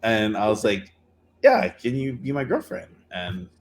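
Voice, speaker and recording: A man's voice: fairly low pitch, huge pitch swings, measured pace. A middle-aged man co-hosting a podcast, telling a dating story in a rambling, casual way. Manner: rambling, many fillers and restarts. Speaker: podcast co-host.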